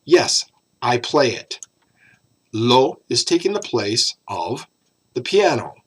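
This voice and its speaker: A man teaching a recorded Spanish grammar lesson, explaining patiently and drawing out key words slowly. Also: medium pitch, big pitch swings, husky.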